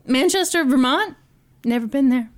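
A woman's voice: high voice, expressive, normal speed, pitched above the performer's own voice. A woman putting on the voice of a sulky, stubborn man who refuses to do what he is asked. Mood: whiny. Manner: whiny, childish refusal.

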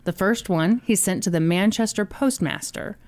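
A woman's voice: mid-range voice, normal speed, darkish tone. A woman podcast host telling a story in a casual, chatty way, laughing between lines.

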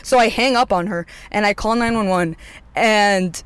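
A young adult vlogger telling a personal story in a casual, rambling way, swearing often and leaning on "like", with sudden jumps up in pitch when acting out their own panic. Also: moderate pace, fairly bright tone, smooth. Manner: rambling, heavy swearing, filler "like".

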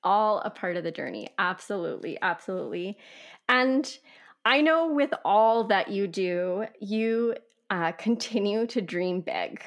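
A woman's voice: medium pitch, lively intonation, a little slow. Affirming woman podcast host. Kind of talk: casual interview chat.

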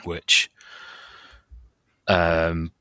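A man's voice: deep voice, monotone, extremely slow, bright, forceful tone, clear, resonant tone, dry recording. A man with a Mancunian accent, an enthusiastic fan gushing about a player in casual podcast chat.

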